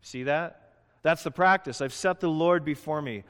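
A man preaching a sermon, emphatic and conversational, building to loud rhetorical questions. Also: a little high, moderate pace, smooth. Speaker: pastor. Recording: long hall reverb.

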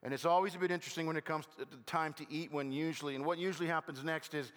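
An older man preaching a sermon as a pastor, conversational with gentle self-deprecating humor and halting restarts. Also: on the high side, fairly even intonation. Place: church sanctuary. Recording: long hall reverb.

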